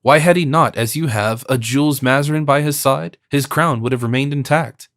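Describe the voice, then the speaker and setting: A man voicing a scheming, ironic cardinal minister who speaks from his sickbed with a hoarse, disdainful tone, in a read audiobook. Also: mid-range voice, moderate pace, a bit bright, dry recording, studio quality, lightly acted. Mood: sardonic.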